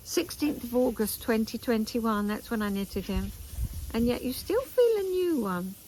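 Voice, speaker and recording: Older woman, knitting vlog host, slow and rambling, garden chat with faint background. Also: fairly high pitch, animated, darkish tone, a little hiss or hum, low-quality recording. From England. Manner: chatty and meandering, with asides and pauses. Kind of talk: casual chat to camera. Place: garden, outdoors.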